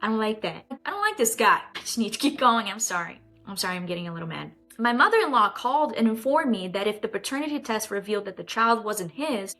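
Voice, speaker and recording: A woman's voice: mid-range voice, fairly bright tone. A woman hosting a casual storytime video, reading a post aloud and breaking in with indignant, joking comments to her viewers. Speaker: storytime host.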